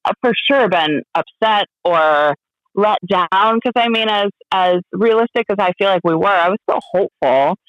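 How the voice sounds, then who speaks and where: A woman speaking as an interview guest, candid and halting, full of fillers and restarts, laughing now and then. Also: mid-range voice, dry recording, dull audio. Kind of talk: casual interview chat.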